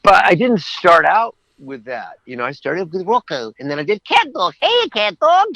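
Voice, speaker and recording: A man's voice: fairly high pitch, sing-song, moderate pace, sharp tone, no room sound, highs cut off. A man who works as a voice actor, chatting as a guest in a casual interview and telling rambling anecdotes.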